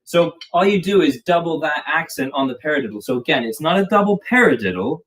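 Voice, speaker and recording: A man's voice: a little high, expressive, fast talker. A man giving a casual live drum lesson, explaining patterns in a chatty way with plenty of fillers. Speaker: drum teacher. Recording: distant mic with clear background noise.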